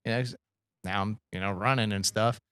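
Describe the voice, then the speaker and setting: A middle-aged man co-hosting a podcast, talking in a rambling, halting way full of fillers. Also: lowish voice, fairly even intonation, fairly bright tone, clear, resonant tone, dry recording. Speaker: podcast co-host. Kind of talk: casual podcast chat.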